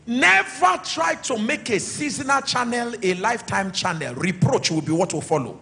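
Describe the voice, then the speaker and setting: A middle-aged Nigerian man preaching a sermon as pastor, calling for responses and swinging between shouts and quiet asides. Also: very high-pitched, animated, normal speed, vocal fry, in a large hall. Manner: preaching with call-and-response, sudden shouts then soft asides.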